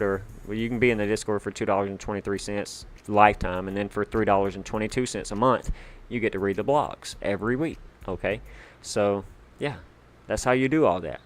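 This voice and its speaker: Man, lowish voice, livestream host, chatty, hyped, lots of fillers. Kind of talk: casual livestream chat.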